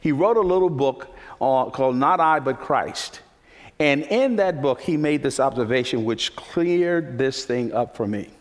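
A man's voice: medium pitch, lively intonation, measured pace. A man preaching a sermon as pastor, emphatic, repeating key phrases for effect. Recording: long reverb of a large hall.

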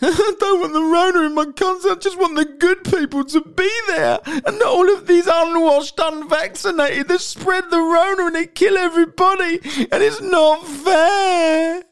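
A man mocking a crying female pop star in a high, stammering, sobbing falsetto. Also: steady tone, extremely slow, few pauses, mellow, full character voice. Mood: whiny.

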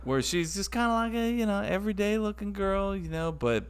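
A laid-back man in casual podcast chat, with a smooth, resonant voice. He talks easily and swears freely. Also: high voice, expressive, fairly quick.

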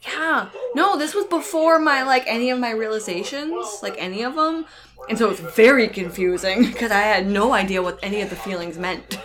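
A woman's voice: on the high side, moderate pace, crowd noise. A young woman co-hosting a podcast, agreeing easily and chatting casually with lots of laughter. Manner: easygoing, agreeable, laughs often. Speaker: podcast co-host. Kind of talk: casual chat while watching a show.

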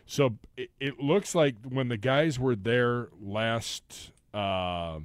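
A man's voice: medium pitch, slow, clear, resonant tone, no echo, studio quality. A man co-hosting a sports radio show, retelling commercials in a loose, rambling way. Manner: rambling, retells ads with quoted lines. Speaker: co-host. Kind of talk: casual sports radio chat.

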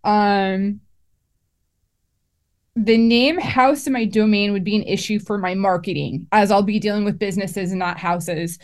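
Female co-host, mid pitch, light and upbeat, reads listener questions. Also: fairly even intonation, a little slow. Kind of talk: casual podcast chat.

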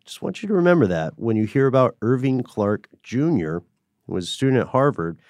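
A man's voice: medium pitch, sing-song, fairly quick, darkish tone, dry recording, studio quality. A man co-hosting a podcast in casual chat, making wry, joking asides. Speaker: podcast co-host.

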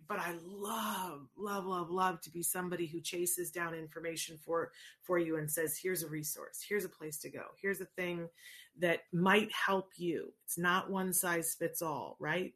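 A woman's voice: lowish voice, fairly bright tone. A middle-aged woman hosting a casual advice talk, answering viewers in an earnest, encouraging way with frequent rhetorical asides. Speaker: host answering viewer questions.

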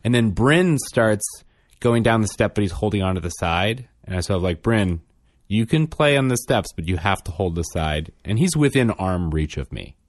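A man's voice: on the low side, animated, moderate pace, no echo, studio quality. A man in his thirties, a father and podcast co-host, telling a funny story in casual chat and acting out the quotes with self-deprecating humor.

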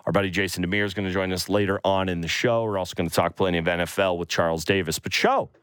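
A man hosting a morning sports radio show, chatty and playful, now and then mocking others in high voices. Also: steady tone, quick pace, fairly bright tone, smooth, dry recording, studio quality. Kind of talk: animated sports radio chat. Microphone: studio microphone.

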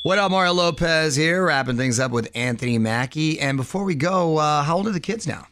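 A man's voice: fairly high pitch, expressive, a little fast, heavy background noise. A man hosting a casual interview, talking in laid-back slang and laughing often. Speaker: host.

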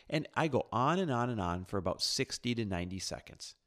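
A man's voice: mid-range voice, animated, fairly quick, few pauses, fairly bright tone. A man hosting a motivational self-help video, talking in an upbeat, emphatic, conversational way.

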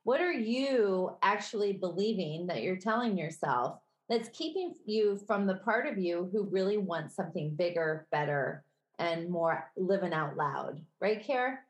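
A woman with a Midwestern accent co-hosting a casual podcast chat, candid and quick to laugh. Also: lowish voice, expressive. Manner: chatty, laughs often, candid. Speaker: podcast co-host. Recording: echoey room.

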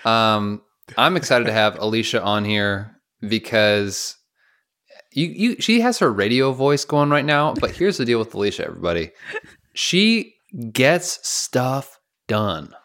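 A man's voice: lowish voice, sing-song, unhurried, fairly bright tone. A man co-hosting a podcast in casual chat, joking and self-deprecating, acting out little everyday scenes as he talks. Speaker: podcast co-host.

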